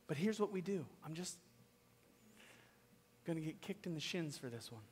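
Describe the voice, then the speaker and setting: A man's voice: a little high, lively intonation, normal speed, slight background noise. Fiery preacher man in a big hall. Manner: builds to loud, pleading peaks, then drops to a hushed whisper. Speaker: pastor. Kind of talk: sermon. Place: church sanctuary. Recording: long reverb of a church hall.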